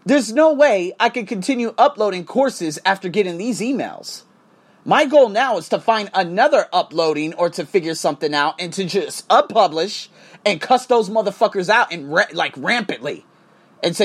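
A man's voice: high voice, animated, normal speed. Profane, fired-up man ranting. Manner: heated, profane, repetitive ranting. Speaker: podcast host. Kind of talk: angry podcast rant.

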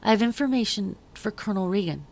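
A woman's voice: mid-range voice, lively intonation, fast, a little mellow, close to an everyday voice. A woman voicing a young enslaved girl who speaks politely but firmly. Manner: polite and firm.

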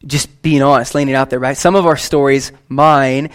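A young man preaching a sermon to his church in a lively, conversational way, with quick asides and casual slang. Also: mid-range voice. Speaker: pastor.

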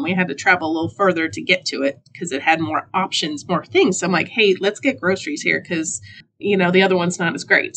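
A middle-aged woman hosting a podcast, telling a story in a casual, self-mocking way and jumping into high voices when she quotes people. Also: a bit bright. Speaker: podcast host.

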